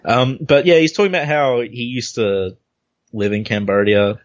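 A man's voice: mid-range voice, normal speed. A man hosting a casual comic book chat, easygoing, walking through the panels step by step. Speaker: podcast host. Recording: dull lo-fi recording.

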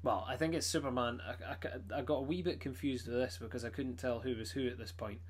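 Guy chatting about comics, gets animated, middle pitch. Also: brisk. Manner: animated, retells scenes with quoted voices. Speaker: comic collector. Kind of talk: casual chat.

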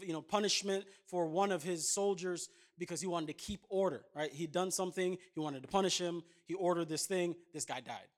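A man in his thirties preaching a sermon, chatting with the congregation in asides and then building to emphatic points. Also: high-pitched. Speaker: pastor.

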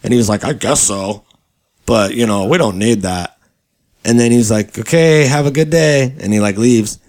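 A man's voice: lowish voice, normal speed, a little mellow. A young man hosting a casual chat show, telling an anecdote in a laid-back way and mimicking the people in it. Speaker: podcast host.

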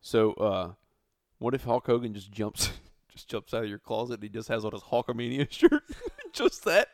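A man's voice: medium pitch, animated, moderate pace, gravelly, dry recording. A man co-hosting a podcast, chatting casually with a teasing, profane sense of humor. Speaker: podcast co-host. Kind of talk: casual banter.

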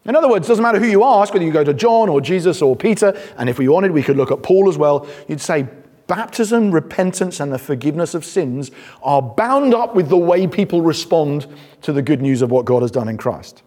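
A man's voice: a little high, expressive, brisk, dark tone. A British man preaching a sermon in a church hall, conversational and emphatic, with dry humour. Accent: British English. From Britain. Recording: long hall reverb.

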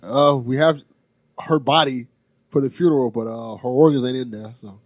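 A man who laughs easily and reacts quickly while guesting on a casual podcast. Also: medium pitch, fairly even intonation, no echo.

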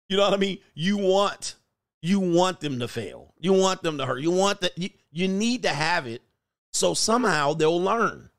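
A man hosting a casual commentary rant, telling stories in an animated way and acting out the voices of the people in them. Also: high-pitched, a little slow. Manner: animated storytelling, acts out voices, laughs often. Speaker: host.

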